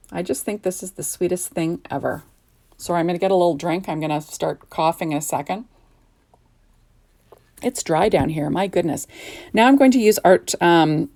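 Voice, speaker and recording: A woman's voice: on the low side, a little mellow. A woman narrating a casual crafting tutorial, chatty and gushing, with frequent fillers as she works. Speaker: papercraft demonstrator.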